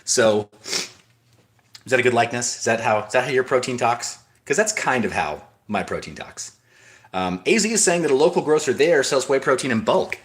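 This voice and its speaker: Brief: casual male streamer, mid-pitched, loose and rambling, reading out comments from chat. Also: expressive, normal speed. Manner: rambling, with frequent restarts and asides. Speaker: livestream host.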